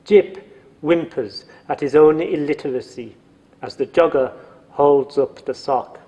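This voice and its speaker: A man's voice: fairly high pitch, a little slow, warm tone, big-room sound, highs cut off. A man narrating a story from a script in a dry, wry manner.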